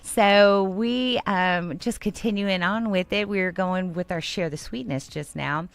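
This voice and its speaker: A woman's voice: mid-range voice, measured pace. A woman from Texas co-hosting a Saturday morning radio show in a studio, chatting casually and laughing often. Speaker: radio co-host.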